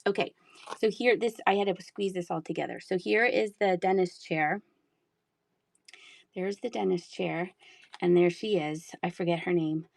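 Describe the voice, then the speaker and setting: A woman's voice: fairly low pitch, normal speed, gravelly, pauses often, no echo. A woman in her thirties chatting casually while selling items on a live stream, laughing often and talking to viewers. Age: 30s. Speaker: live auction seller.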